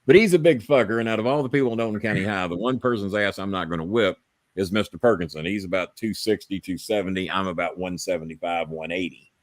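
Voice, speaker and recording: A man's voice: low voice, fast talker, no echo. A man, hosting a live podcast and telling long, profane, rambling stories. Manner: profane, rambling, animated storyteller. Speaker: podcast host. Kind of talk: casual storytelling on a live stream.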